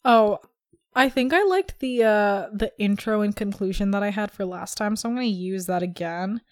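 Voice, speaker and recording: A woman's voice: mid-range voice, moderate pace. A young woman hosting a casual podcast, rambling and teasing with lots of fillers. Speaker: podcast host. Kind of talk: casual chat.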